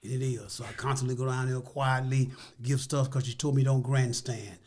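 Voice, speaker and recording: A man's voice: medium pitch, steady tone, fairly quick, darkish tone. An older American man talking as a guest in a casual interview, earnest and full of "you know" and "like I said.".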